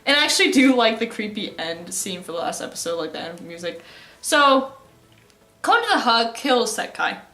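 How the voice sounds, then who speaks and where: A woman's voice: fairly high pitch, big pitch swings, moderate pace, bright, forceful tone, roomy sound. A young woman casually recapping an anime plot, rambling and giggly, with lots of fillers. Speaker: anime vlogger.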